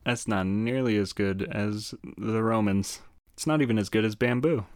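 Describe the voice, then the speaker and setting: A man co-hosting a casual history podcast, trading deadpan jokes and wry asides. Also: fairly low pitch, moderate pace, no echo, clean studio sound. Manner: deadpan joking banter. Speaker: podcast co-host.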